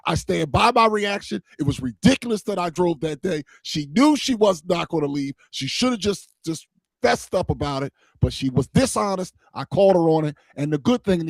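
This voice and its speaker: Male co-host, fairly high voice, blunt and opinionated, dry close sound. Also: expressive, fairly quick, creaky, dry recording, rough recording. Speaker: talk show co-host. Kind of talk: casual chat.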